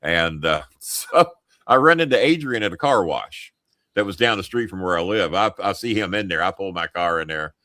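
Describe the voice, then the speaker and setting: A man's voice: low voice, animated, normal speed, pushed and bright, no room sound. Older man telling crude rambling stories. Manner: rambling, swears freely, laughs mid-sentence. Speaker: show host. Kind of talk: profane comic storytelling.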